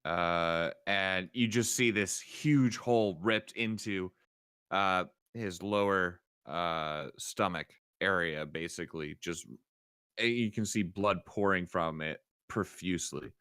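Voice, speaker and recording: A man's voice: deep voice, slow pace, fairly bright tone, smooth, dry recording, clean studio sound. A man narrating as dungeon master in a casual game, swearing freely and trailing off with fillers.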